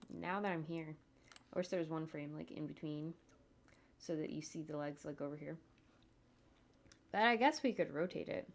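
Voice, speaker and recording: A woman animator talking casually to her livestream viewers at home as she works, thinking aloud in a chatty, rambling way. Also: on the low side. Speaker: animator streaming her work. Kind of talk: casual livestream talk while working.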